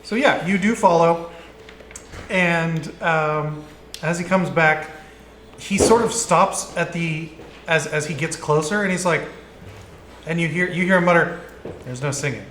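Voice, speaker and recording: A man's voice: on the high side, fairly even intonation, measured pace, long pauses, fairly bright tone, reverberant, slight background noise. A man narrating as dungeon master, rambling and laughing as he voices the characters. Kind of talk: narrating a tabletop game.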